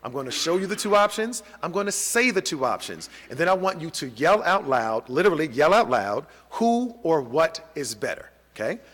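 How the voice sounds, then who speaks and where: Energetic middle-aged male trainer in a hall. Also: a little high, normal speed, few pauses. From New York City. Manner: energetic, audience-engaging, frequent "okay?" and "right?" check-ins. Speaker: college professor leading a bias training. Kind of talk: interactive training lecture. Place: large hall with a live audience. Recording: long hall reverb.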